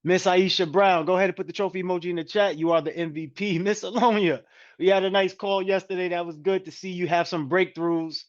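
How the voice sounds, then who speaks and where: A man's voice: sits high, brisk. A man hosting a live video call as a coach, energetically calling out participants and repeating his prompts. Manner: energetic, repetitive shout-outs. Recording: dull, lo-fi call audio.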